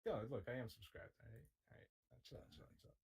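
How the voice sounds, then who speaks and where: A man's voice: lowish voice, quick pace, creaky, darkish tone, slightly rough. A young man muttering to himself and swearing casually as he sets up a livestream. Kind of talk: casual chat, muttering while setting up a stream.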